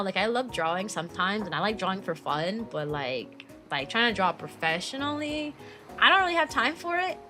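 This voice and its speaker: A woman's voice: mid-range voice, pushed and bright. A young adult woman streaming as a VTuber, chatting casually with viewers, filling her talk with "like" and laughing often.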